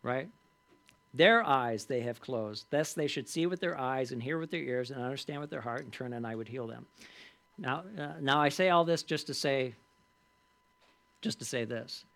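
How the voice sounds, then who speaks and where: A man teaching a Bible study class in a conversational way, often checking in with the group through quick tag questions and reading scripture aloud with added emphasis. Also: mid-range voice, gravelly, a bit bright.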